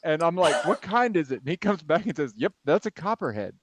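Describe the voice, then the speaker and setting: A man's voice: a little high, big pitch swings, a little fast, no echo. A man, co-hosting a podcast, telling stories in a rambling way and laughing often. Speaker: podcast co-host. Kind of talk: casual storytelling chat.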